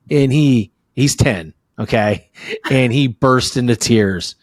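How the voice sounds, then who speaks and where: A middle-aged man hosting a podcast interview, telling stories in quick animated bursts. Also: mid-range voice, dry recording, studio quality. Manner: animated storyteller, talks fast in bursts. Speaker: podcast host. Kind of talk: casual conversational interview.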